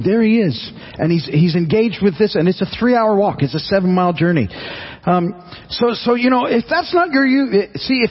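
A man's voice: high voice, muffled recording, slight background noise. A man preaching a sermon in an earnest, conversational way, often restarting and repeating his words. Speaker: pastor.

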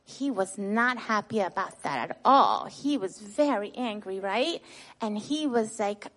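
A woman teaching children a Bible lesson. She retells the story in a lively, expressive way, tags nearly every sentence with "right?" and asks the children questions before answering them herself. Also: mid-range voice, a little slow.

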